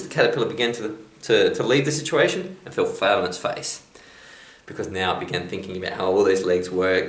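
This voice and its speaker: A man's voice: fairly low pitch, fairly bright tone, reverberant. A man giving a chatty motivational talk, telling stories as a self-help vlogger. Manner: chatty storyteller.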